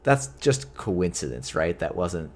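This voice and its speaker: A man's voice: low-pitched, big pitch swings, a little slow, a little hiss or hum. A man hosting a casual livestream chat, rambling and jokey, often restarting his sentences. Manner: rambling, self-correcting, jokey. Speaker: host.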